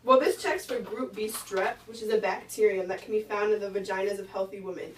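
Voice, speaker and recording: A woman's voice: mid-range voice, brisk, noisy background, lightly acted. A teenage girl playing a friendly prenatal doctor in a school skit. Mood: explaining. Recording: roomy far-off camera audio.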